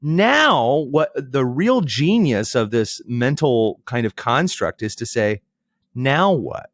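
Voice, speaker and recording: A man's voice: mid-range voice, animated, slow pace, no echo, clean studio sound. A man in his thirties, a podcast guest, explaining ideas in a thoughtful, storytelling way. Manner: thoughtful, storytelling, emphatic asides. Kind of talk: reflective conversational explanation.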